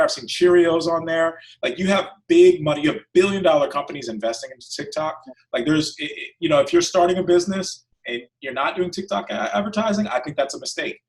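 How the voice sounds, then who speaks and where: Man, podcast host, earnest, frequent restarts, slightly high voice. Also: far from the mic. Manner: earnest, restarts words often. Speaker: podcast host, business owner. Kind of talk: casual podcast conversation.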